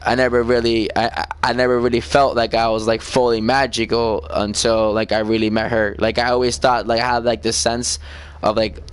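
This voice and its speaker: A man's voice: medium pitch, level tone, brisk, clear, resonant tone. A man chatting in a casual, rambling way, often asking "you know what I mean" and stumbling over repeated words. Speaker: gamer vlogger. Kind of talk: casual rambling confessional chat.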